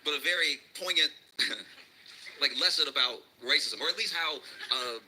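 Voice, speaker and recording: A man's voice: a little high, normal speed, pushed and bright, a little hiss or hum, poor audio. A man doing a stand-up comedy routine. He tells a rambling story and often laughs through his own lines.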